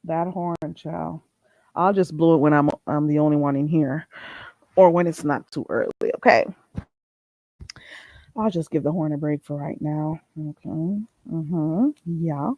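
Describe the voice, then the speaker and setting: A woman hosting a casual livestream, chatting and telling stories in an animated, gossipy way and reading viewer comments. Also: low voice, no echo, highs cut off. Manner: animated gossipy storytelling, quick laughs. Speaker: livestream host.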